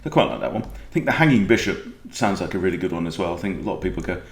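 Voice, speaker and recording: A Welsh man with a lowish voice talks through a chess game in a chatty, jokey way, his pitch swinging up and down as he thinks aloud. The room around him adds a noticeable echo. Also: lively intonation, racing. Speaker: chess coach. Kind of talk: casual game commentary.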